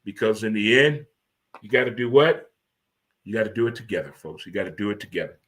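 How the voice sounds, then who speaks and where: A man, hosting a casual talk show in an animated, swearing, preacher-like monologue. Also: lowish voice, fairly quick. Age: 50s. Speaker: host. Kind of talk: casual radio-style monologue.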